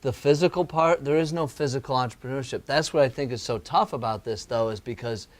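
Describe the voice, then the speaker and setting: A man's voice: medium pitch, brisk. A young man co-hosting a podcast, talking casually and rambling through thoughts with lots of "like" and laughs. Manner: rambling, many fillers and restarts, laughs easily. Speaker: podcast co-host.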